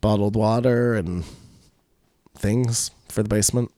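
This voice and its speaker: A man's voice: lowish voice, fairly even intonation, a little slow, dark tone, no echo. A man co-hosting a podcast, joking and teasing his friends in casual banter. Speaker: podcast co-host.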